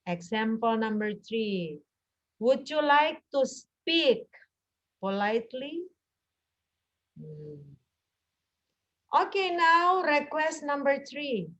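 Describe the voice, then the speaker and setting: Slow high-voiced teacher. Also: female voice, big pitch swings, fairly bright tone, lo-fi sound. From Indonesia. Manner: slow, deliberate, repeats example phrases, drills. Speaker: English teacher. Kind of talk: online classroom lesson.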